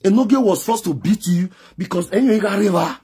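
A social media commentator speaking with a Nigerian Pidgin English accent gives emphatic, lecturing advice directly to camera, frequently raising his voice. His voice sits high and is mellow with a breathy edge, at a normal speed.

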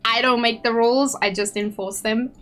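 A woman's voice: fairly high pitch, fairly even intonation, moderate pace, a bit bright. A young woman streaming from home, chatting casually with viewers in a bubbly, self-deprecating, giggly way. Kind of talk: casual live-stream chat.

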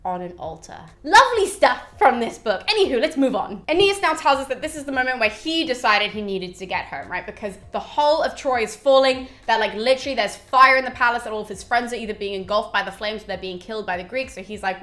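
A woman's voice: fairly high pitch, expressive, fairly quick, few pauses, fairly bright tone. A young woman retelling an ancient epic as a casual lesson, chatty and irreverent, acting out lines with mild swearing. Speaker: mythology explainer.

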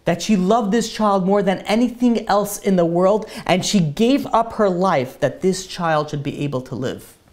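Resolute dying young mother, soft and steady, as a male storyteller quotes her. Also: high-pitched, moderate pace, hardly any pauses, pitched above the performer's own voice, lightly acted.

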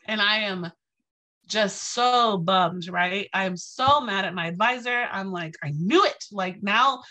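Bright, animated woman telling a story. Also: mid-range voice, slow. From Texas. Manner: animated, acts out quotes, addresses audience directly. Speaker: guest speaker. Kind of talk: storytelling lecture to a live audience.

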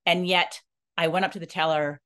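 A woman who runs a non-profit, telling a personal story in an earnest, halting way and acting out the dialogue she quotes. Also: lowish voice, fairly even intonation, pushed and bright, smooth. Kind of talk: personal story told to camera.

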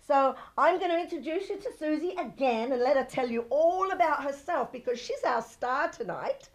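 A woman's voice: expressive, moderate pace. A woman hosting a chatty local TV show, effusive and gushing as she introduces her guest. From not from Santa Barbara. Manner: effusive and gushing, high-spirited sign-offs. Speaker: TV show host.

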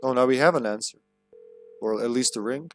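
A man's voice: medium pitch, fairly quick, fairly bright tone, slight background noise. A man streaming a game, casually commentating, cracking jokes, swearing, and reading the on-screen text aloud.

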